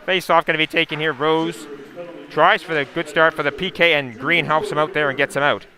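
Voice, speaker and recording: A man giving a steady, running play-by-play call of a hockey game, with asides and sponsor plugs. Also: a little high, fairly quick, music in the background. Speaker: play-by-play commentator. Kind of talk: live hockey play-by-play commentary.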